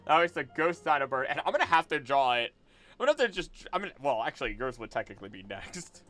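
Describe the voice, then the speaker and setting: A fast-talking, expressive streamer and voice actor chats casually as he draws on stream, his medium-pitched voice a bit bright. Now and then he swears, and he often mutters to himself.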